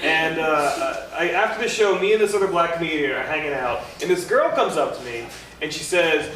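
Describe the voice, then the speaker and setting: Rambling young stand-up comedian in an echoey club. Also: male voice, fairly high pitch, expressive, a bit bright. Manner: rambling, self-deprecating, halting with many fillers. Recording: echoey club recorded from far off with noise.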